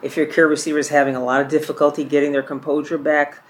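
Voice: mid-range voice, little pitch movement, fast talker, few pauses, slight background noise. A trainer teaching a caregiving class from a course book, reading examples aloud and often repeating or correcting their own words.

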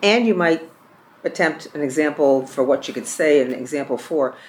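A course trainer walks a class through phone skills for caregivers, working page by page through a training book. The voice sits in a middle pitch and reads each example aloud, often repeating or correcting a word along the way. Faint room noise hums underneath. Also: lively intonation, normal speed.

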